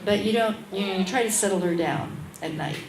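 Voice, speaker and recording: A woman midwife speaking as an interview guest, telling a lively anecdote and acting out the voices of the people in it. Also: medium pitch, brisk, reverberant, far from the mic, background noise. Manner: animated, acts out the voices in her stories. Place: restaurant at a lunchtime public talk.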